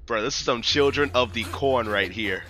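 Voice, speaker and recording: A young man streaming his live reaction to a show, excitable and slangy, shouting in disbelief and swearing often. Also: medium pitch, moderate pace, a little hiss or hum. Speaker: streamer reacting to an anime episode. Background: show's soundtrack playing.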